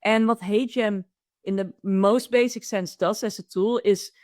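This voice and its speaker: A woman's voice: mid-range voice, steady tone, a little slow, darkish tone, no echo, clean studio sound. A woman with a Dutch accent, talking enthusiastically as a guest in an interview and often restarting her sentences. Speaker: guest, AI consultant. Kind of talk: conversational interview.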